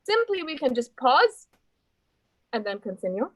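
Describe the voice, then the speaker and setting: A woman's voice: high-pitched, sing-song, a little slow, a bit bright, dry recording, poor audio. A woman reports filler-word counts to her speaking club in a chatty, encouraging way and calls people dear. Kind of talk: friendly report and breathing exercise.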